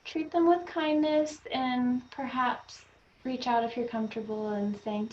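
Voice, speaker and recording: A woman's voice: fairly high pitch, fairly even intonation, measured pace, highs cut off. A woman hosting an interview in a friendly way, asking questions and laughing along. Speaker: podcast host. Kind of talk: casual interview chat.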